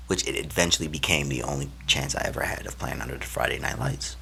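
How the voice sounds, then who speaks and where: A young man with a very low, deep voice tells a personal story to camera. He talks casually and slangily, and his delivery turns animated and then hushed. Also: fast, gravelly, few pauses, slight background noise. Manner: animated, slangy, swings between loud and hushed. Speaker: vlogger.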